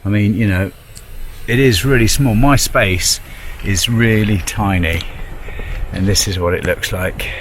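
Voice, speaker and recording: A man's voice: lowish voice, measured pace. A man in his fifties vlogging his van life in a chatty, wry, self-mocking way, filming outdoors and in his van on a handheld camera. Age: 50s. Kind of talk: casual travel vlog. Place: outdoors on a windy coast and inside a van. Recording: wind noise on the mic. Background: wind and waves.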